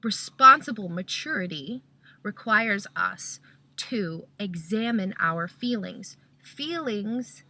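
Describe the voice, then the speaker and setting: A woman with a bright, forward voice at a middle pitch gives a casual teaching talk as a Christian parent. She works through her points one step at a time and keeps checking in with "okay?". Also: lively intonation, slow pace.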